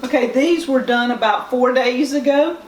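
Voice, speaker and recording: A woman's voice: high voice, normal speed. A woman with a Southern US accent, plain-spoken and homespun, walking step by step through a home cooking demonstration as host. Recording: echoey room, distant mic, faint hiss.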